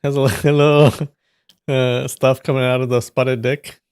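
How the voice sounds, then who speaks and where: Male stream host, unhurried amused musing, dry close sound, middle pitch. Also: little pitch movement, a little mellow, smooth, no room sound. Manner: musing, amused, trailing asides. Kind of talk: casual chat while tasting snacks.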